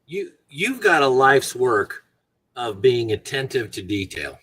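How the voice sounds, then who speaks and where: A man's voice: medium pitch, sing-song, a little slow, fairly bright tone, slightly rough. A man hosting a podcast, asking a guest thoughtful, probing questions. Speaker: podcast host. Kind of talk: interview questions.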